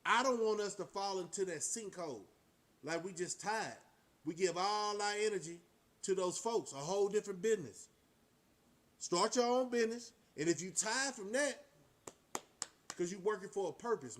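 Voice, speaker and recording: High-pitched preachy male vlogger. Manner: preachy, rhetorical questions, motivational. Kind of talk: casual monologue to camera.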